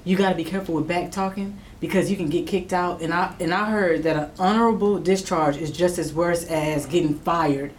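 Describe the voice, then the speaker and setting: A woman hosting a casual talk show, chatty and quick to react. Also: fairly low pitch. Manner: chatty, reactive, laughing asides. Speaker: host. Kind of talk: casual chat.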